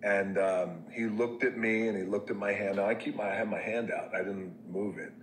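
A man telling a personal story in a candid, conversational way, with many fillers, restarts and soft reflective passages. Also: lowish voice, fairly even intonation, normal speed, roomy sound, slight background noise, rough recording.

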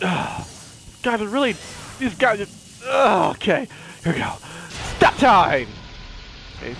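Guy doing a let's-play, really high bouncy voice, slow talker, yelps and trash talks the monsters. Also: vocal fry, a little hiss or hum. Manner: excitable, exclaiming and playfully taunting enemies. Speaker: gameplay commentator. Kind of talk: casual let's-play commentary. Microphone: personal desk mic.

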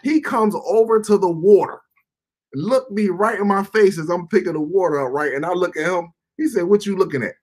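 A high-pitched man with a husky, grainy edge hosts casual reaction commentary. He talks in an animated, profane way, calling out to his viewers as his people. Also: normal speed. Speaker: host.

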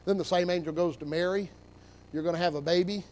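A pastor preaching a Sunday sermon in church, talking conversationally and building to emphatic peaks. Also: male voice, high-pitched, fairly even intonation, fast, darkish tone, a little hiss or hum, low-quality recording. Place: church sanctuary.

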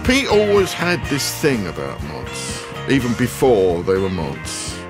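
Brief: man, lively intonation, explanatory, faint music under. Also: fairly low pitch, measured pace. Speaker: interviewee. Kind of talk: explaining history.

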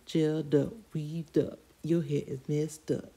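A woman's voice: sits low, little pitch movement, measured pace, gravelly, husky. A woman chatting casually to her viewers at home as she does her hair, often calling them "y'all". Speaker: beauty vlogger. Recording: loud hair dryer noise over the voice. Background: loud hair dryer.

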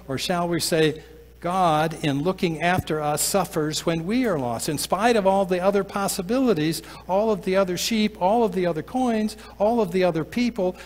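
A pastor preaching a sermon, often slowing down and dropping to a soft, low voice to stress a point. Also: male voice. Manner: slows down and drops to a soft, low voice for emphasis. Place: church sanctuary. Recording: long church reverb.

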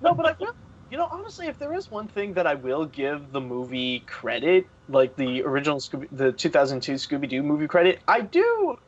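High, lively young man on lo-fi audio. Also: a little fast. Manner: excitable, laughing, jumps into high silly voices. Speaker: podcast panelist. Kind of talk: casual chat. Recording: dull lo-fi online call audio.

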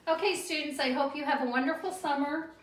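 Chatty older female teacher, high voice, echoey room, mic at a distance. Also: fairly even intonation, brisk. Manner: playful and chatty. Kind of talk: casual playful address. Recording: roomy, from a distance.

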